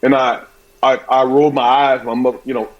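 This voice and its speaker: A man hosting a sports talk show, chatting casually and telling a story with lively acted-out bits. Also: mid-range voice, brisk. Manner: animated storyteller, acts out voices. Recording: dull lo-fi sound.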